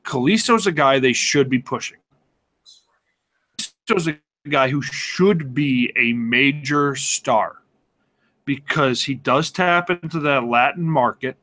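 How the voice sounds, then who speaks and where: A man co-hosting a casual sports podcast, excitable and sarcastic, swearing and laughing as he talks. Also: mid-range voice, slow pace. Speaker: podcast co-host.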